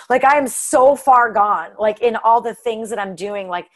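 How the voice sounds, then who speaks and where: A woman's voice: on the high side, unhurried. A woman from Southern Utah telling a heartfelt personal story in a casual, earnest way, with lots of fillers and "right?" tags. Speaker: guest.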